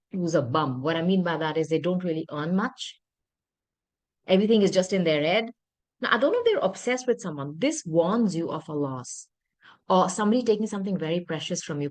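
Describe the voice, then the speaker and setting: A woman with a lowish voice reads tarot cards for her viewers in an earnest, searching way. She often thinks out loud and apologizes for what she sees, and her pitch and loudness rise and fall. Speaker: tarot reader. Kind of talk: tarot reading monologue.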